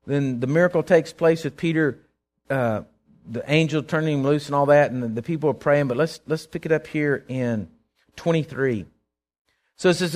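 Animated preacher man. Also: a little high, moderate pace. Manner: animated, acts out scenes with sudden loud outbursts. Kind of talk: sermon.

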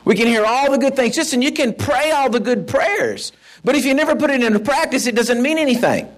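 A middle-aged man preaching a sermon in a folksy, animated way, with asides to the congregation. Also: very high-pitched, brisk. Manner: folksy, animated, with asides and shouted mock-rants. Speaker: pastor.

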